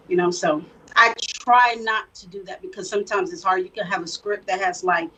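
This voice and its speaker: A woman from South Florida, an actress, talking through her craft in an easygoing interview with reflective, animated storytelling. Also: mid-range voice, moderate pace, few pauses, far from the mic, poor audio. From born in the Bahamas, raised in South Florida. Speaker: actress guest. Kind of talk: casual interview talk.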